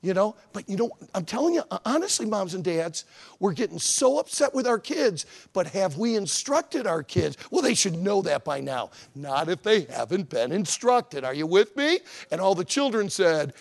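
A man preaching a sermon as pastor, folksy and animated, with frequent conversational asides. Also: high-pitched, moderate pace, creaky.

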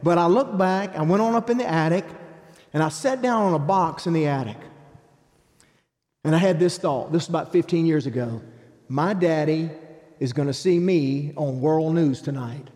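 Preacher in a reverberant hall. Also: male voice, fairly high pitch, normal speed. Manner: animated storyteller acting out quotes. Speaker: evangelist. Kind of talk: preaching testimony.

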